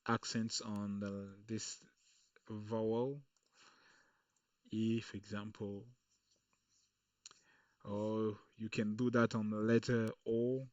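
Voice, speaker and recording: Slow, patient male coding instructor. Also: on the low side, level tone, a little mellow, no echo, far from the mic, lo-fi sound. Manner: slow, patient explaining with frequent "okay" and "uh". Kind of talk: screen-recorded coding lesson.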